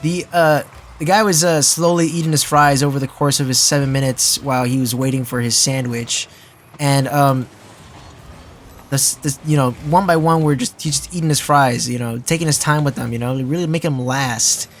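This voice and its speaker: A man's voice: medium pitch, steady tone, normal speed, a little hiss or hum. A young man telling a casual story as a vlogger, rambling with lots of fillers and restarts and swearing freely.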